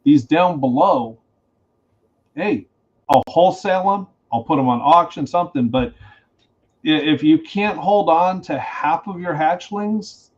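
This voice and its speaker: A man who is a guest on a casual podcast, a reptile breeder speaking in a blunt, animated way. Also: fairly high pitch, a little slow. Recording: slightly dull lo-fi sound.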